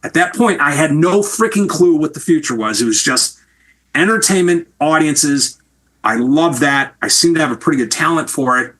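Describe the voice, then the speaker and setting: A middle-aged man from Wisconsin, a TV producer answering interview questions with long, lively stories. His voice is bright and sits a little high. He talks candidly and swears freely. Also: normal speed. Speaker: TV producer and guest.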